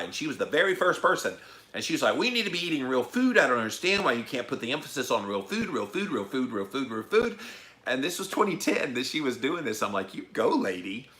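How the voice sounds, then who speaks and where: A middle-aged man hosting a podcast, ranting passionately to his listeners, with loud emphatic peaks and hushed asides. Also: medium pitch. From United States. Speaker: podcast host.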